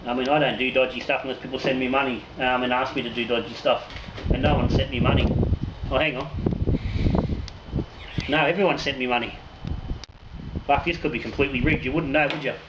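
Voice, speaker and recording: This man speaks at a medium pitch in a steady tone, a little fast but with long pauses. Hosting his own home-brewing channel, he draws raffle winners and chats casually, cracking jokes, swearing freely, and trailing off to start again. Noticeable noise and echo fill the room.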